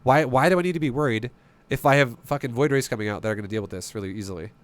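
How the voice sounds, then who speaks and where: A man's voice: mid-range voice, rapid-fire. A man streaming and coaching a strategy game, talking bluntly and emphatically, swearing freely and firing off rhetorical questions.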